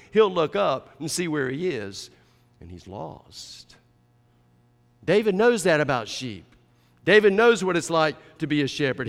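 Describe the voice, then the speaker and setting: Preacher: dramatic man, fairly high voice, loud peaks and hushed drops, long hall reverb. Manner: dramatic, swings between loud emphasis and quiet drops. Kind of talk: sermon.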